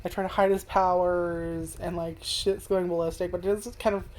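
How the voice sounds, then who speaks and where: A woman's voice: fairly low pitch, little pitch movement, normal speed, darkish tone, slight background noise. A woman reviewing an anime at home in front of a webcam, rambling and swearing with lots of fillers. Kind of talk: casual video review. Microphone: webcam zoomed in on face.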